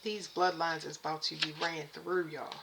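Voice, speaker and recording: A woman doing a casual spiritual reading, chatting to her viewers and haltingly reading text aloud. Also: deep voice, little pitch movement, vocal fry, noisy background. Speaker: spiritual reader addressing viewers.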